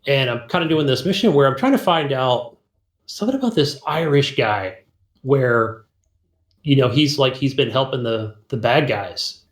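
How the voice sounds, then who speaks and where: A man's voice: medium pitch, animated, moderate pace, echoey room. A man co-hosting a podcast, telling a rambling, laughing story about a video game and acting out its dialogue. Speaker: podcast co-host. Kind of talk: casual gaming chat.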